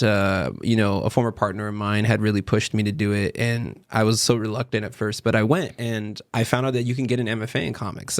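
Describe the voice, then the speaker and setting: A man's voice: lowish voice, no room sound. A man speaking as a podcast guest, an artist and art educator, talking casually, rambling a little and laughing often. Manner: chatty, laughs often, rambling with many fillers.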